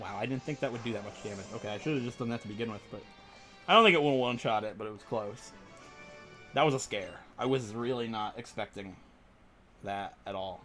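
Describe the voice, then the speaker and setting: A man hosting a let's play, rambling and joking excitedly over his game. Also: mid-range voice. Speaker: gaming channel host.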